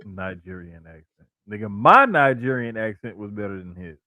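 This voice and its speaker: A man co-hosting a wrestling podcast with animated, joking banter. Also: on the low side, moderate pace, dry recording. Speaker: podcast co-host. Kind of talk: casual podcast chat. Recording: tinny phone-like line.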